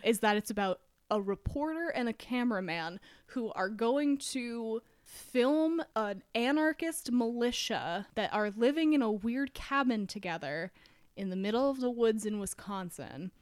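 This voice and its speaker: A woman's voice: on the high side, animated, a little slow, smooth, dry recording, clean studio sound. A young woman co-hosting a podcast, casually retelling a TV episode with frequent laughter and offhand swearing. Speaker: podcast co-host.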